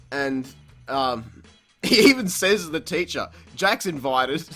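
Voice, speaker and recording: A young podcast host tells a long story, casual and animated, swearing a lot and breaking into frequent laughter. His voice is bright, forceful, and on the high side, with a little music playing behind him.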